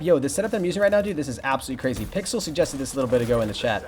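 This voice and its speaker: A young man commentating his live game stream, greeting viewers and answering chat in an excitable, casual way. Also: mid-range voice, racing, slight background noise. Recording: music playing behind.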